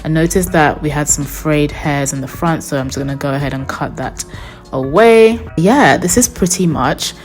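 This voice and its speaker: Low-voiced chatty woman, faint music. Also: normal speed. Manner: chatty, upbeat, speaks straight to viewers. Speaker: beauty vlogger. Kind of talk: voice-over for a wig install tutorial.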